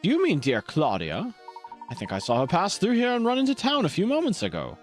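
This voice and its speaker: A man's voice: high-pitched, wildly swooping pitch, fairly quick, faint music behind, voice pushed up. A man voicing a fawning, eccentric male butler with an obsequious manner. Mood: obliging.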